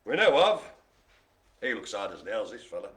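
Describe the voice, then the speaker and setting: A man's voice: fairly low pitch, sing-song, normal speed, a bit bright. A man hosting a live online bingo game, chatty and jokey, full of puns and asides. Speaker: bingo host.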